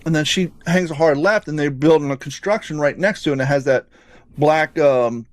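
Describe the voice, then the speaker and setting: A man hosting a podcast, telling a rambling, profane story in an animated, casual way. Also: on the high side, brisk, no room sound. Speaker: podcast host.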